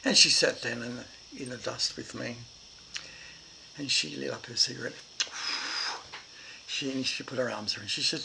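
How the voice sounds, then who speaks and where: A man's voice: medium pitch, moderate pace, creaky, long pauses, bright, forceful tone, a little hiss or hum, rough recording. An older man with an Irish Australian accent telling a childhood story in a rambling, reflective way. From Ireland and Australia. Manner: rambling and reflective, with many fillers.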